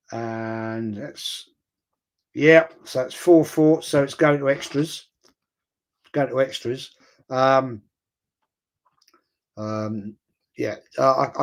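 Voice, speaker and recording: A middle-aged man chatting through a live football watch-along stream, rambling and excitable and swearing freely. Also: mid-range voice.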